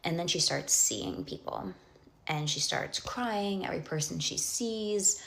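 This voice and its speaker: A young woman with a fairly bright voice on the low side, touched with vocal fry, tells a personal story at a measured pace in casual storytime style. She rambles with lots of fillers and restarts and often drops to a whisper for asides.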